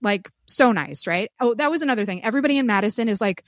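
A woman co-hosting a podcast, telling a story in animated casual chat, cursing freely and acting out what people said. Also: a little high, fast talker, no echo, studio quality. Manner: animated storyteller who swears and acts out quotes. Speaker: podcast co-host.

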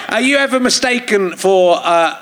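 Man, podcast host, teasing, high, bright. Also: gravelly. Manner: teasing, dry quips. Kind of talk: live comedy podcast chat. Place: theatre stage before an audience.

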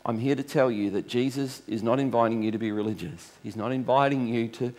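A man's voice: medium pitch, fairly quick, a little mellow. Man, pastor, sermon, conversational storytelling, restarts phrases, church congregation.

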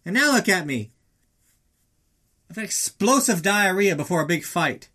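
A man voicing a panicked boxer with an upset stomach, whining in a shrill, raised voice. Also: big pitch swings, normal speed, sharp tone, exaggerated voice.

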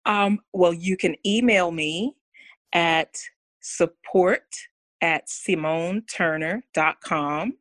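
Earnest woman podcast guest, low voice. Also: takes it slowly, fairly bright tone, no room sound. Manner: earnest and candid. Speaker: podcast guest, women's coach. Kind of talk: candid heartfelt interview talk.

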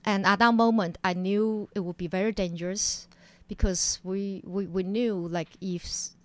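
A woman's voice: medium pitch, moderate pace, dry recording. Woman telling her story. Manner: animated, acts out quotes in a raised voice. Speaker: interview guest. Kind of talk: personal storytelling in an interview.

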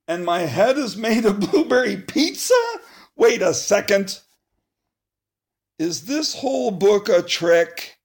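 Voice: mid-range voice, lively intonation, takes it slowly, a little mellow. A reader performing a children's book aloud, playful and mock-protesting, with exaggerated outbursts.

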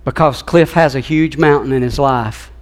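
A man's voice: medium pitch, normal speed. A man in his fifties preaching a sermon in a church, telling a personal story in an earnest, emotional way. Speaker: pastor. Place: church sanctuary.

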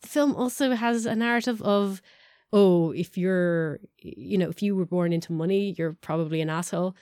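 A woman's voice: on the low side, moderate pace, mellow, no echo, clean studio sound. Giggly woman chatting about films. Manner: laughs often, hesitant restarts. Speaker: podcast co-host. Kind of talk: casual film chat.

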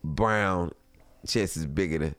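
A man's voice: deep voice, slow, fairly bright tone, clear, resonant tone, no echo. A man telling a long comic story as a podcast guest, acting out other people's lines and dropping into whispers. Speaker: guest comedian. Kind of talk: animated storytelling. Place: home podcast room. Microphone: studio mic.

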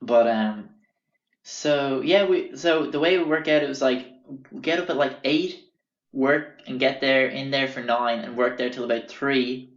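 A man's voice: mid-range voice, measured pace. A young Irish man hosting a podcast, telling stories casually, rambling and swearing with many fillers. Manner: rambling and profane, with many fillers and self-corrections. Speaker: podcast host. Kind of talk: casual storytelling. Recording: roomy, dull lo-fi sound.

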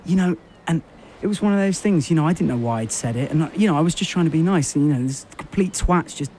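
A man hosting a radio show, telling an absurd story in a rambling, repetitive, deadpan way full of fillers. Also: a little high, fast, a little hiss or hum.

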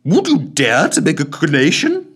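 A man voicing a drunken, slurring man in a Father Christmas costume, with a husky voice. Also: on the high side, huge pitch swings, moderate pace, a bit bright, voice pushed up, full character voice. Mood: tipsy. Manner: slurred, unsteady.

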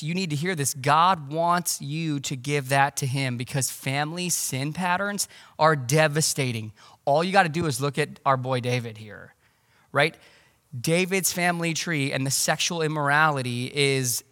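A man preaching a sermon as pastor, conversational and animated, with casual asides. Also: a little high, big-room sound. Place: church.

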